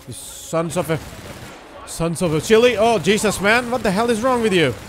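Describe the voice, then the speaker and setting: A young man giving casual, excitable let's-play commentary while he plays, swearing and joking. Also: high voice, moderate pace, slight background noise. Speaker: gaming YouTuber.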